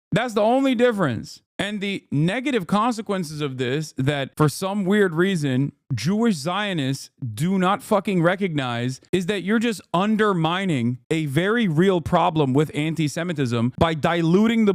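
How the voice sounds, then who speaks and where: A man's voice: high voice, no echo, clean studio sound. A man hosting a live stream, reacting to news with profane, exasperated commentary and reading articles aloud. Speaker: streamer host. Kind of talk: casual political commentary.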